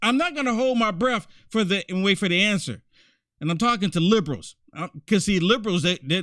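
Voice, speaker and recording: A man's voice: sits high, lively intonation, fairly quick, fairly bright tone, no echo, studio quality. A man hosting a commentary show, talking in a mocking, repetitive way. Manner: mocking, repetitive, many "I mean"s. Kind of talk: political commentary monologue.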